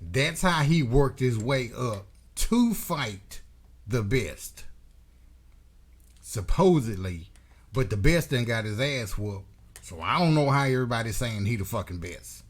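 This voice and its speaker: Blunt, profane man ranting slowly. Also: medium pitch, expressive. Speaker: boxing commentary channel host. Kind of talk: unscripted opinion rant.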